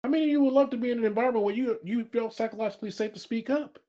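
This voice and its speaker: A man's voice: very high voice, very fast, dark tone. A man presenting a workplace training webinar, emphatic, repeating key phrases and asking the audience questions. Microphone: webinar audio. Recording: dull lo-fi webinar audio.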